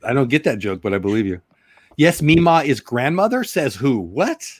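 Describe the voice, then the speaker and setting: A middle-aged man hosting a casual livestream chat, joking and rambling with quick asides. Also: mid-range voice, very animated, noisy background. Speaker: livestream host.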